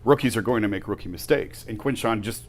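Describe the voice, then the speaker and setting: A man's voice: lowish voice, fast, faint music behind. A man co-hosting a sports talk show, arguing back and explaining his reasoning point by point. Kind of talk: sports debate.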